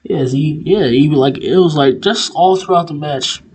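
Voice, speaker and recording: A man's voice: fairly high pitch, normal speed, breathy edge, rough recording. Laughing, swearing man recapping wrestling. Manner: animated, laughing often, profane, many fillers. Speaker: wrestling commentator vlogger.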